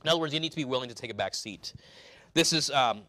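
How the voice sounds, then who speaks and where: Bright-voiced conversational preacher, a man. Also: medium pitch, quick pace, no echo. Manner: conversational, explaining scripture verse by verse. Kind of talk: sermon.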